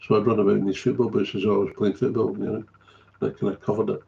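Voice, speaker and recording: A man's voice: fairly low pitch, little pitch movement, racing, gravelly, lo-fi sound. A middle-aged man, telling a candid story as a recovery sponsor, blunt and swearing freely, often trailing off and repeating himself.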